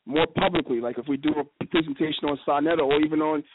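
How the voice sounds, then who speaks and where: Man, fast speech, slightly high voice, tinny phone line, steady hiss behind. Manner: fast, animated storytelling with quoted dialogue. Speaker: guest speaker. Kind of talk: casual radio discussion.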